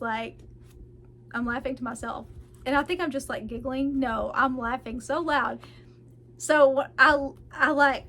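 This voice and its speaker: Chatty woman book reviewer, giggly and gushing, voice sitting a bit high. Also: a bit bright, slight background noise. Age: adult parent of children. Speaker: book vlogger. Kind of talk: casual book review chat.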